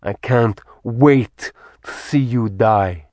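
A man's voice: medium pitch, very slow, darkish tone, no echo. A man voicing a cruel, gloating male villain who taunts and mocks in an audiobook reading. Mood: contemptuous. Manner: mocking, taunting.

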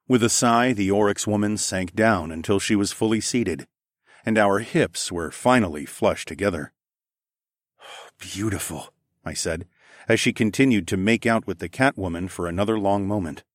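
Deep-voiced man narrating an erotic audiobook. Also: no room sound, studio quality.

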